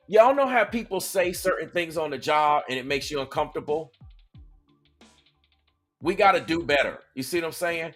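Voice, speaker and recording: A man hosting a reaction video, talking straight to his viewers in an easy, animated way. His voice sits a little high for a man. Faint music plays underneath. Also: normal speed. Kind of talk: casual reaction commentary.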